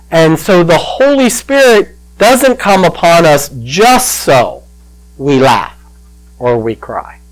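An older male pastor telling a personal story in a sermon, slow and emotional, choking up at times. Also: mid-range voice, sing-song, rough recording.

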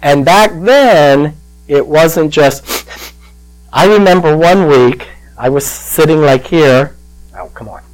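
An older male pastor telling a personal story in a sermon, slow and emotional, choking up at times. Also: fairly high pitch, low-quality recording.

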